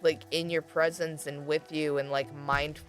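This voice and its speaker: A woman's voice: low voice, level tone, measured pace, faint music behind. A woman streaming a game, chatting casually with her viewers, laughing often and swearing freely. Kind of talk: casual gameplay chat with chat.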